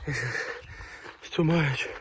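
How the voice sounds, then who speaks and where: A man's voice: on the high side, measured pace, background noise. Breathless young man vlogging a hike. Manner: upbeat, slangy, talks to viewers. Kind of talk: casual hiking vlog. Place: outdoors on a hiking trail.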